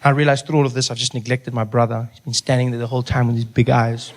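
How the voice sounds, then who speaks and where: A man telling a story on stage as a stand-up comedian, animated and acting out voices. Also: mid-range voice, fast talker, heavy background noise. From South Africa.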